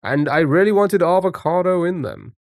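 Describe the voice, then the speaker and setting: A man's voice: sits high, normal speed, darkish tone, no room sound, studio quality. A man live-streaming a word game, chatting casually and greeting viewers by name.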